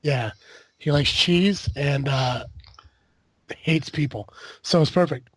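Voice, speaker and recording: A man's voice: on the high side, slow pace, a bit bright, slightly rough, dry recording. A man hosting a podcast in casual chat, rambling with lots of fillers and the odd swear. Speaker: podcast host.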